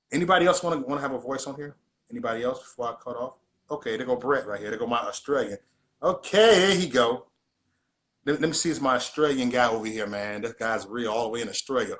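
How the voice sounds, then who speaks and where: A man's voice: medium pitch, fairly bright tone. A man hosts a casual livestream. He preaches in an emphatic, repetitive way and keeps circling back to the same point. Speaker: livestream host.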